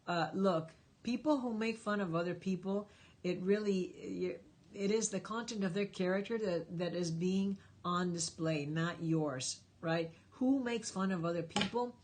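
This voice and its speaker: With a lowish, a little mellow voice and a measured pace, a woman hosts a live stream Q&A. She reads viewers' questions from the chat and answers with emphatic, encouraging life advice.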